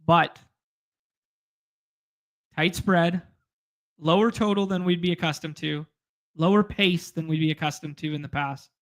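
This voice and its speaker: A man hosts a casual fantasy sports live stream, rambling and joking as he reads chat comments and goes through his picks. His voice is on the high side and unhurried, with long pauses.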